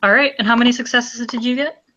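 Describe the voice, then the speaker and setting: A woman's voice: a little high, fairly even intonation, quick pace, pushed and bright, muffled recording, a little hiss or hum. A woman running a tabletop role-play game, matter-of-fact as she calls the rolls. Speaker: game master.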